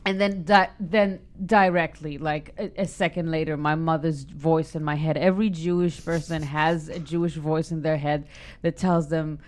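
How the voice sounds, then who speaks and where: A woman from Israel, a stand-up comedian chatting in an interview and telling a personal story with lively acted-out quotes. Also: sits low, normal speed. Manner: animated storyteller, acts out quoted voices, frequent restarts.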